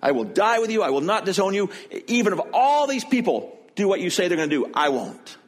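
A brash, impulsive disciple protests in a raised, rushing voice, as a male preacher puts him on, pitched well above his own speaking voice. The delivery is insistent and quick, piling up his promises. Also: sing-song.

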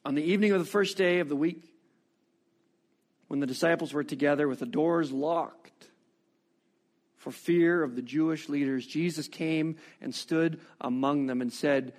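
A man preaching a sermon, reading scripture and reflecting on it with expressive, rising rhetorical questions. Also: fairly high pitch, measured pace.

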